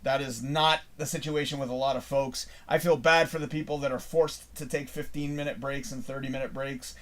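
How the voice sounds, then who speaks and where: On a live show, a middle-aged Canadian host launches into a long, rambling anecdote, relaxed and animated, with plenty of profanity. The pitch is medium and the delivery a touch fast.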